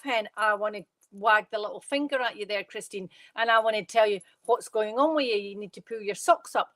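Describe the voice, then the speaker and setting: A Scottish woman giving live psychic readings from her bedroom at home, talking fast and chatty, with rambling restarts. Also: mid-range voice, fairly bright tone, no room sound.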